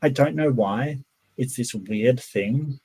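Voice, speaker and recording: A man's voice: mid-range voice, takes it slowly, dark tone, slight background noise, poor audio. A man hosting a casual podcast chat, musing aloud in a meandering way with many restarts. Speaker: podcast host. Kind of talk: casual conversation.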